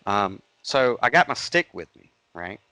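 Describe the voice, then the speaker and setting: Rambling, low-voiced male podcast co-host. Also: sing-song, unhurried, pushed and bright, no echo, poor audio. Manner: rambling storyteller, frequent restarts and fillers. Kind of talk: casual podcast chat.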